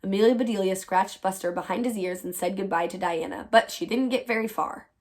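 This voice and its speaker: A woman teacher reading a children's chapter book aloud in a clear, expressive storytelling voice. Her pitch sits in the middle range for a woman, and her delivery is steady and easy to follow. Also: brisk.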